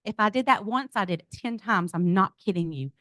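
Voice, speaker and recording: A middle-aged woman tells a personal story to a gathered crowd, talking straight to them as "y'all." Her delivery is expressive, with a voice of ordinary pitch for a woman. The sound is dry and close, with little room echo. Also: a little fast. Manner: animated storytelling, addresses audience as y'all. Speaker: speaker at a business event. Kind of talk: personal testimony told to a group. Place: event venue.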